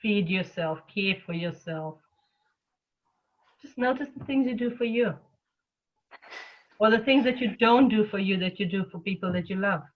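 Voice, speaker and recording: A woman teaching a loving-kindness meditation class, speaking gently and slowly in a soothing way. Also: mid-range voice. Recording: lo-fi phone-like audio.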